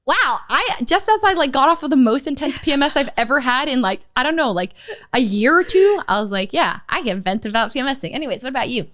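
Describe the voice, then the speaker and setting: A woman's voice: high-pitched, fast, no room sound, clean studio sound. Chatty young woman telling stories. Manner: animated storytelling with many fillers. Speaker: streamer guest. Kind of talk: casual podcast chat.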